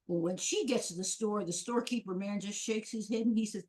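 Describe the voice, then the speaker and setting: A woman's voice: mid-range voice, fairly quick, few pauses, darkish tone. A woman storyteller telling a folk tale live, with rhythmic repetition and playful sound words.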